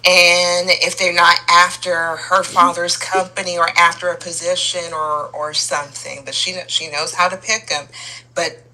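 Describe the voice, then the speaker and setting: A woman's voice: on the low side, little pitch movement, normal speed, pushed and bright, poor audio. A woman co-hosting a casual soap opera recap chat, giving exasperated, opinionated takes.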